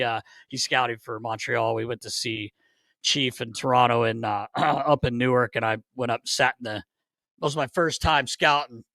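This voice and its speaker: A man telling stories on a podcast, animated and swearing, laughing often as he talks. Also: medium pitch, no room sound. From Philadelphia. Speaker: podcast co-host, former player. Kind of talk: casual storytelling chat.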